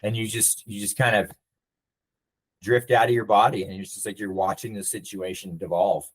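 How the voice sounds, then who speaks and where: A man's voice: fairly low pitch, little pitch movement, moderate pace, slightly rough, poor audio. A middle-aged man, a navy veteran and nonprofit leader, telling his story in a casual interview and acting out the lines of people in it. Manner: reflective storyteller who acts out quoted dialogue.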